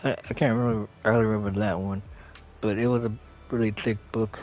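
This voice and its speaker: A man's voice: on the low side, little pitch movement, quick pace, a little mellow, highs cut off, faint music behind. A young man chatting casually as a channel host, rambling with lots of fillers and self-corrections. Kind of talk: casual chat.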